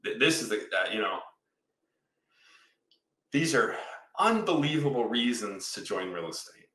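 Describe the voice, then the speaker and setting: Man, 50s, from Michigan, upbeat storytelling investor; forceful tone in an echoey room. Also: mid-range voice, sing-song, a little slow. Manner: enthusiastic, storytelling, explains with repeated "right?". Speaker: real estate investor. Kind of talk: casual podcast conversation. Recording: roomy echo.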